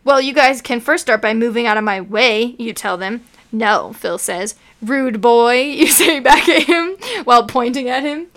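Young female podcast co-host, a touch high-voiced, reads fanfic aloud, mocks it as she goes. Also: normal speed, hardly any pauses, a bit bright. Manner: reads with mocking asides, often laughing.

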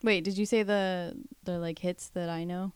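A woman's voice: on the low side, steady tone, normal speed, smooth, no room sound. A woman co-hosting a casual chat, joking and rambling with playful asides. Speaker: podcast co-host.

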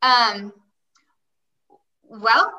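A woman's voice: fairly high pitch, lively intonation, extremely slow, pushed and bright, far from the mic, dull audio. A woman guest telling her life story in a chatty way, often quoting herself and saying "like". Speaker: interview guest. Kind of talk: personal storytelling.

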